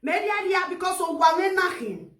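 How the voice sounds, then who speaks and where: A high-pitched Nigerian woman with an Edo accent rants loudly and laughs as she talks. Her voice is bright and sharp, mixing Pidgin with a local language. It bounces around an echoey room. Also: expressive, fairly quick. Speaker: social media vlogger. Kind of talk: animated casual rant.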